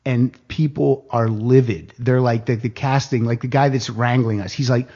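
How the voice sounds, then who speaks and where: A middle-aged man telling a long story in a casual podcast chat, animated and acting out other people's lines. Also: mid-range voice, normal speed. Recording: dull lo-fi podcast audio.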